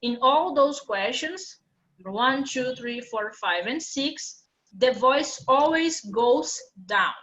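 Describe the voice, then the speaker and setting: A woman's voice: high voice, expressive, slow, fairly bright tone, poor audio. A woman teaching an English class live online, patiently explaining things step by step.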